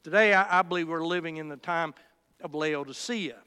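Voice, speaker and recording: A man's voice: bright, forceful tone, clear, resonant tone. A man preaching a sermon with passion, climbing to emphatic peaks and often stopping to restart his phrases. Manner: impassioned, rising to high emphatic peaks with halting restarts. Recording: echoey hall with long reverb.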